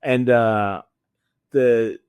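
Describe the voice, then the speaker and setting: A man's voice: medium pitch, fairly even intonation, very slow, smooth, no room sound, dull audio. A man hosting a podcast in casual chat, joking around and swearing freely. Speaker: podcast host.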